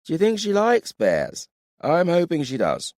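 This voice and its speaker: Male narrator playing a tipsy young warrior in love, earnest and slow, audiobook. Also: fairly high pitch, wildly swooping pitch, darkish tone, dry recording, clean studio sound, voice pushed up. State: drunk.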